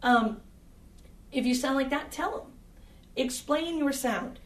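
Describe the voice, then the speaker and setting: A woman's voice: sits high, slow pace, echoey room. Woman explaining sound from a distant mic. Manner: direct, conversational with frequent fillers. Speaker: audio engineer. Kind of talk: instructional talk.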